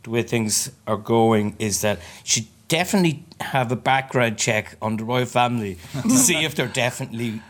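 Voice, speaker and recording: A man's voice: mid-range voice, lively intonation, moderate pace, hardly any pauses. A man chatting casually as a panelist, making joking remarks and laughing at his own punchlines. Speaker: podcast panelist. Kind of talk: casual chat.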